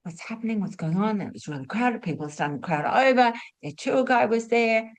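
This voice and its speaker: A middle-aged woman, a spiritual teacher and former nurse, telling stories as a lesson and asking rhetorical questions, moving between lively and hushed delivery. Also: on the high side, brisk. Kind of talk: storytelling teaching talk.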